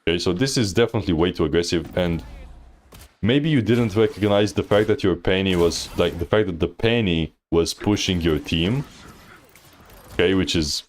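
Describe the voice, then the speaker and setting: On a livestream, a coach from Thailand breaks down a player's gameplay in casual commentary, teasing, using slang and laughing a lot. His voice sits low, with slight background noise.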